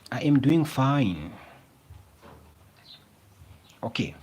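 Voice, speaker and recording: A male tutor with a husky, somewhat breathy voice teaches grammar to a class. His pitch moves a lot as he repeats key phrases slowly and emphatically. He keeps prompting his listeners with fill-in questions. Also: big pitch swings, a little mellow. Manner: slow, emphatic explaining.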